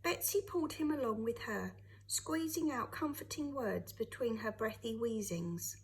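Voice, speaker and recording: Animated woman reading a story aloud. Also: a little high, unhurried, low-quality recording. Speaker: teacher. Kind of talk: reading a children's novel aloud.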